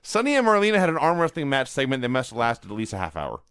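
Podcast co-host, man, mid voice, flat matter-of-fact delivery, dry close recording. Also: mid-range voice, fast, clean tone, dry recording. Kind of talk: casual chat reviewing old wrestling.

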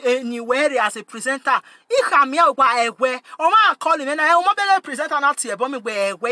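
A woman with a high, bright, sharp-edged voice talks straight at her audience in an emphatic rant. She repeats lines for force and slips between Pidgin and another tongue. The sound is close and dry, with no room around it. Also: animated, fast talker, no room sound. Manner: emphatic, mixes Pidgin English and Yoruba, repeats phrases. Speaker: channel host. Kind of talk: animated direct-to-camera rant.

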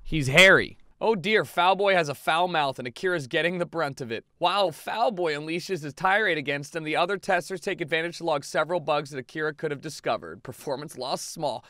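A young man giving casual, profane commentary over a life-sim game, often yelling at what happens on screen. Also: fairly high pitch, a little fast, hardly any pauses, no echo, studio quality. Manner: profane, excitable, yells at the game. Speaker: gaming YouTuber.

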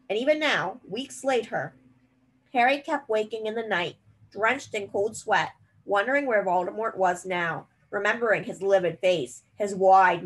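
A woman reading a novel aloud in a steady, expressive storytelling manner. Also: medium pitch, poor audio. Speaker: reader.

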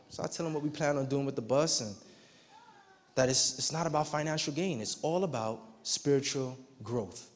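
Young preacher telling a story in church. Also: male voice, medium pitch, normal speed. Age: young adult. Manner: animated, conversational, acts out dialogue. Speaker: youth day preacher. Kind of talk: storytelling sermon. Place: church sanctuary. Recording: long reverb of a church hall.

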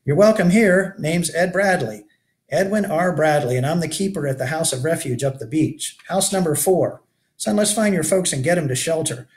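A man's voice: fairly high pitch, moderate pace, darkish tone, voice pushed up, close to an everyday voice. A man reading aloud and voicing a weary, rugged older male keeper of a shipwreck shelter who talks in a folksy, lamenting way. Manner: folksy backwoods grammar, lamenting.

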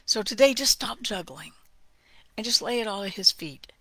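A woman giving a heartfelt, conversational devotional talk, often dropping to a hushed whisper for emphasis. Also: a little high, animated, normal speed, dry recording. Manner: conversational, with asides and small laughs. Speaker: devotional speaker.

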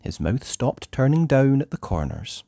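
Expressive, slow children's storyteller. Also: mid-range voice, vocal fry, no echo. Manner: expressive, sing-song storytelling. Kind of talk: reading a children's storybook aloud.

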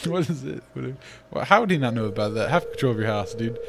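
A man's voice: mid-range voice, lively intonation, fast talker, vocal fry, noisy background. A man giving casual gameplay commentary as host, full of joking, sarcastic asides, recorded at home. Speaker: let's play host.

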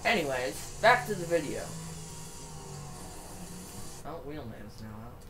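Young male gamer, unhurried but excitable racing commentary, bright tone. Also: on the high side. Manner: excitable, exclaiming at crashes. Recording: echoey room, faint noise.

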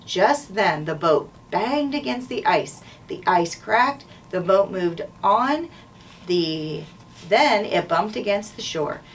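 A woman reads a children's chapter book aloud at a steady, clear pace, now and then correcting herself. She sounds set back from the microphone, with faint background noise. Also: medium pitch, slow. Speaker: school administrator. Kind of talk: reading a storybook aloud. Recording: distant mic, faint noise.

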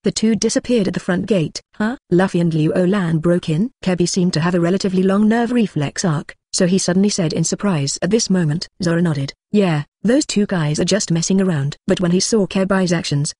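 A machine-read audiobook narration that speaks punctuation marks aloud in a flat, even delivery. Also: medium pitch, brisk, hardly any pauses, dry recording.

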